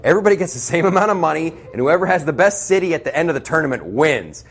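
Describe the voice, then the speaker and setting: Male comedian, stand-up monologue, sarcastic, fairly high voice, very animated pitch. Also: rapid-fire, slightly rough. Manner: animated, sarcastic, laughs at own jokes. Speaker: comedian, podcast host.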